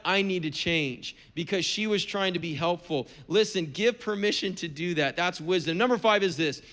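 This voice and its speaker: A man's voice: sits high, fairly bright tone. A middle-aged man, a pastor, preaching a sermon in an earnest, conversational way with touches of humor.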